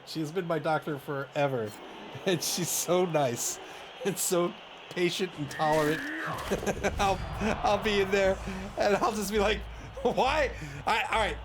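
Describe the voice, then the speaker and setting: Male stream commentator, high and animated, self-mocking storyteller, noisy background. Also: moderate pace. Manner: chatty, self-mocking storyteller, laughs often. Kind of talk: casual game commentary and chat. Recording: audible background noise.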